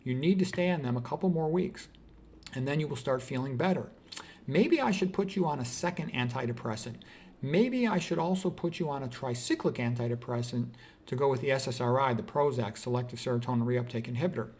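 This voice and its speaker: A man doing a calm doctor-father. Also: medium pitch, a little fast, close to an everyday voice. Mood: instructive. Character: calm authoritative father, a psychiatrist.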